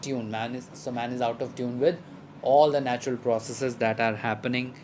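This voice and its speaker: A man's voice: medium pitch, steady tone, normal speed, darkish tone, a little hiss or hum, rough recording. A man teaching a lesson, explaining a poem at length with many fillers and restarts. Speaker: literature teacher.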